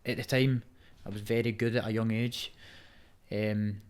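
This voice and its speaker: A man's voice: fairly low pitch, level tone, unhurried, clear, resonant tone. A young man with a Scottish accent, chatting as a podcast guest, swearing a lot, emphatic, and ending nearly every sentence with "mate". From Scotland. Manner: says mate constantly, swears heavily, emphatic. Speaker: guest, Muay Thai fighter. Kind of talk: casual podcast chat.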